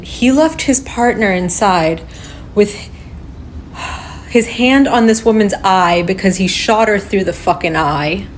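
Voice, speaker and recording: A woman giving unscripted reaction commentary, agitated and swearing, shaken and halting as she talks. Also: medium pitch, slight background noise. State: shaking with upset. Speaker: reaction video creator.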